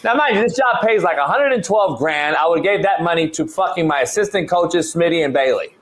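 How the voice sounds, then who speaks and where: A middle-aged man hosting a sports talk show, telling a story in a casual, animated way, swearing often and stumbling over repeated words. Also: fairly high pitch, brisk. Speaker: show host, football coach.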